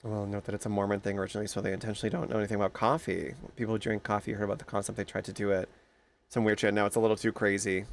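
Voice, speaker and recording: A young man streaming, chatting casually with his viewers, telling animated stories and greeting them by name. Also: lowish voice, racing, creaky, a little hiss or hum.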